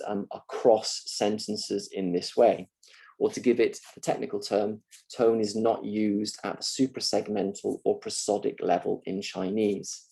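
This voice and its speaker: Male university lecturer, husky and low, explains casually with fillers. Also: dark tone, low-quality recording. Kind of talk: mock lecture.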